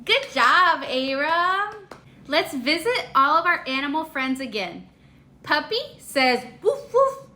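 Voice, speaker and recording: A young woman in sing-song, as an aunt teaching a toddler, speaking in a slow, exaggerated and cheerful way. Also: high-pitched, expressive, background noise. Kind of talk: sing-song talk to a small child.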